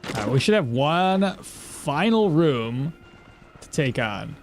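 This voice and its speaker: A man's voice: a little high, big pitch swings, slow pace, soft background music. A man streaming a video game, chatting casually, thinking aloud and answering his chat as he plays. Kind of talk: live gameplay commentary.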